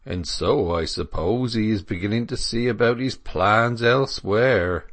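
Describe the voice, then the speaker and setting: A man's voice: fairly low pitch, measured pace, fairly bright tone, no echo. A man voicing a placid, unconcerned rural dairy farmer in an audiobook, with an offhand country drawl.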